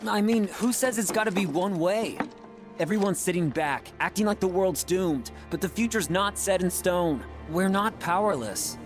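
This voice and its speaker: A man's voice: sits high, lively intonation, normal speed. An actor playing a hopeful, earnest young male soldier, giving an encouraging, breezy pep talk in a game cutscene. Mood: earnest upbeat. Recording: game cutscene audio with music behind. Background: music.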